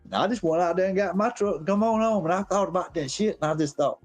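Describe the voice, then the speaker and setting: Profane high-voiced man. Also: quick pace, hardly any pauses, faint music behind. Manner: profane, animated, rambling. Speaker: guest on a live stream. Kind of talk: casual storytelling.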